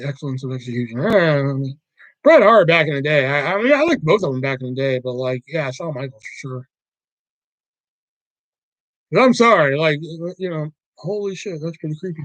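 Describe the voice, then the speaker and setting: A man's voice: fairly high pitch, dry recording, low-quality recording. A man hosting a casual livestream, rambling and swearing freely, with lots of filler words as he tells stories. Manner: animated storyteller. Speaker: livestream host.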